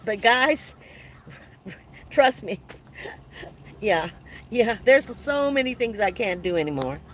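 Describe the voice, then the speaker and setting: A woman in her seventies hosts a casual livestream from her van, chatting, laughing often, and warmly thanking viewers as she reads their comments aloud. Her medium-pitched voice has a sing-song lilt and an unhurried pace. The low-quality recording carries slight background noise.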